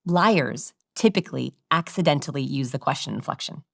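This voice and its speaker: A woman with a low voice for her sex explains communication research in an interview, lively and quick to demonstrate. The recording is close and dry. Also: gravelly, no room sound. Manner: animated, demonstrating vocal examples.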